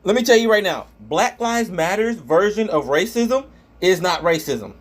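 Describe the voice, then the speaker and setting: A man with a notably high voice rants angrily and profanely while reacting to comments in a vlog. He often stumbles over his words and restarts. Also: very animated, moderate pace. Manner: angry profane ranting. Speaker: vlogger.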